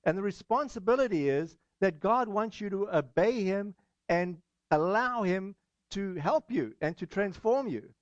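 A pastor giving a sermon, measured and encouraging, pausing often with "uh". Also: male voice, sits high, expressive, no room sound, lo-fi sound. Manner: measured, many "uh" fillers, encouraging.

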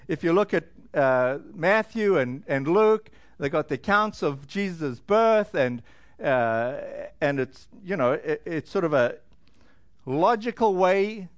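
A man preaching a sermon in a conversational, joking way, full of fillers and slowed-down emphasis. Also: on the high side, no room sound. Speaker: pastor.

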